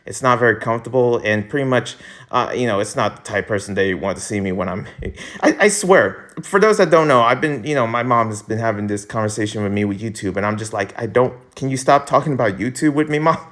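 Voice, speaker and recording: Rambling, animated young man vlogging. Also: fast. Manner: rambling, animated, laughing, sudden jumps in pitch. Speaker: YouTuber host. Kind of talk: casual commentary vlog.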